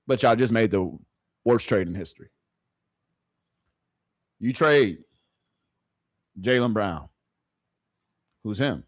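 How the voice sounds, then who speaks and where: A man's voice: lowish voice, no echo, studio quality. A man streaming live sports reactions, emphatic and repeating his points for emphasis. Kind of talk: casual livestream sports reaction.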